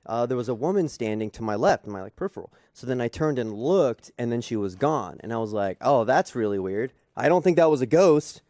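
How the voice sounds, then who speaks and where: A man co-hosting a podcast, chatting in a relaxed, conversational way. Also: medium pitch, brisk, hardly any pauses, no room sound, studio quality. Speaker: podcast co-host. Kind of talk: casual chat. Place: podcast studio.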